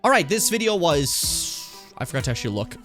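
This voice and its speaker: A man's voice: fairly high pitch, very animated, a little fast, over music. Profane, rambling young male streamer. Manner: rambling, profane, self-mocking. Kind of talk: casual reaction stream.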